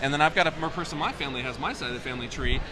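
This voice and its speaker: A man, a game developer, talks about his game and tells stories in a casual interview. He sounds enthusiastic and animated throughout. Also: medium pitch, rapid-fire, a crowd in the background.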